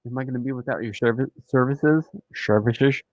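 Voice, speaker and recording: A man's voice: mid-range voice, quick pace, a little mellow, no echo, highs cut off. A man hosting a casual live stream, joking and rambling in a playful, silly way.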